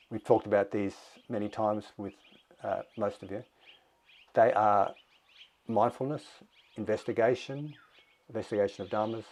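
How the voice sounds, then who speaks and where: A male meditation teacher gives a dharma talk in a slow, reflective manner. He pauses often to let ideas land. His voice sits on the low side. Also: dark tone.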